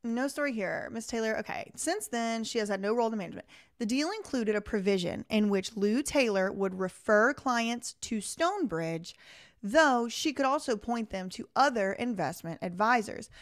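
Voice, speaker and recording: A woman hosting a live reaction stream, reading an article aloud and commenting in an animated, exasperated way straight to her viewers. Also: a little high, moderate pace.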